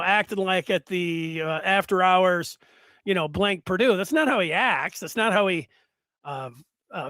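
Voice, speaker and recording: A man hosting a solo sports talk show, rambling and animated with many fillers and restarts. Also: high-pitched, dry recording, studio quality.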